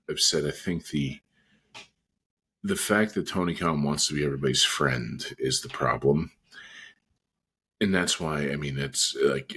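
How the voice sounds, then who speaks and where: A man's voice: rumbling low, a bit bright, breathy edge. A man co-hosting a podcast in casual chat, blunt and colloquial. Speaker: podcast co-host.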